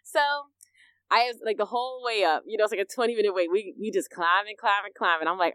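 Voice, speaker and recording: A young woman from the United States, a podcast co-host, telling a story in casual chat, animated, swearing and laughing as she goes. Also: medium pitch, fast, dry recording.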